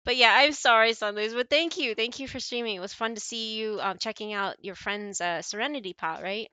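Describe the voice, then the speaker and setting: A woman's voice: a little high, fairly quick, pushed and bright, clear, resonant tone, dry recording. An American woman streaming, chatting casually with her chat, laughing often and rambling with lots of fillers. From United States. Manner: giggly, rambling, apologetic, many fillers.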